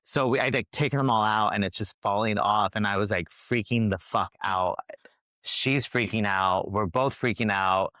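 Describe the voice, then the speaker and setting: A young man, a hairstylist guest, telling stories in a chatty, animated way with lots of fillers. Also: lowish voice, normal speed, no room sound, studio quality. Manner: chatty, animated storyteller with many "like"s. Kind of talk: casual podcast interview.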